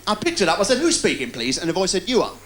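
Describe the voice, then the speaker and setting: A man doing stand-up, firing off deadpan one-liners and puns. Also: high-pitched. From England. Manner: rapid-fire deadpan puns with quick delivery. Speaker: stand-up comedian. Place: live TV studio with a laughing audience. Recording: loud crowd laughter, noisy 1990s TV broadcast.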